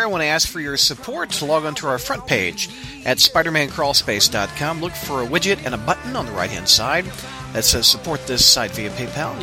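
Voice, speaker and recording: A man hosting a casual podcast, giving an upbeat, announcer-like intro. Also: on the high side. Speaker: podcast host. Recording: music bed under voice.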